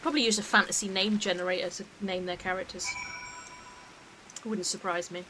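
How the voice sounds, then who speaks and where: A woman's voice: mid-range voice, steady tone, a little fast, sharp tone, slight background noise, rough recording. A woman giving casual, sarcastic commentary as she plays through a game. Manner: chatty, sarcastic asides, sometimes swears. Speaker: streamer.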